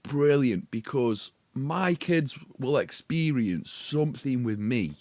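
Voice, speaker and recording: A man's voice: medium pitch, lively intonation, takes it slowly, darkish tone, no echo. A man co-hosting a podcast in casual chat, an emotional football fan who swears and talks with feeling. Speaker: podcast co-host.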